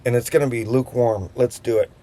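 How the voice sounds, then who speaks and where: A vlogger in his fifties, on a boat, tells a rambling, jokey anecdote in a casual, digressive style full of chatty asides. His mid-range voice is steady in tone, fast, and mellow.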